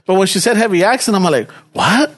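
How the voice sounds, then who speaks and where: Chicano man, high voice, casual storyteller, swears and acts out quotes. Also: quick pace. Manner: animated storyteller, acts out quotes, swears freely, laughs often. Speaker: former cable technician telling a work story. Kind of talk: casual chat, code-switching English and Spanish.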